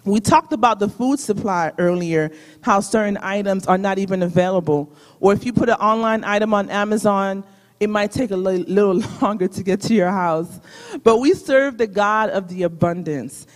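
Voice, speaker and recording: A preacher at mid pitch urges the congregation on, leading call-and-response and asking them to say the verses together. The voice carries a long hall reverb from the sanctuary. The speaker addresses both the room and an online audience. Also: normal speed. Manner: exhorting, asks congregation to repeat lines. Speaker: guest preacher.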